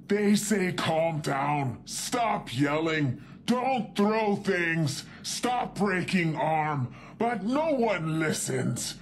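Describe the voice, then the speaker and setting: A woman's voice: fairly low pitch, slight background noise, heavily acted. A woman voicing a big, short-tempered female super mutant in a video game, talking in broken, simple sentences and calling herself by name.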